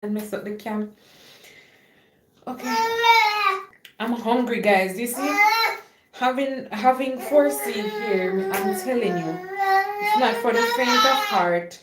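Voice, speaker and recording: A young adult woman, chatting casually on a live stream and loudly urging her dog along between asides. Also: a little high, sing-song, slow, pauses often, heavy background noise.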